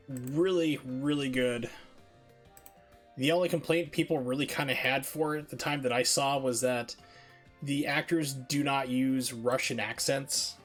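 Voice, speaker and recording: Guy streaming a speedrun, just rambling casual chat, lots of filler, quiet game music under it. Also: medium pitch. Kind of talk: casual chat while gaming.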